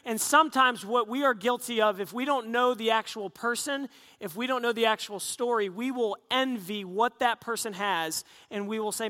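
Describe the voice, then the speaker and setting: A middle-aged male pastor delivers a sermon in a high, bright voice. He tells stories with animated, self-deprecating humor. His words ring out with a long reverb in a church hall. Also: moderate pace, hardly any pauses.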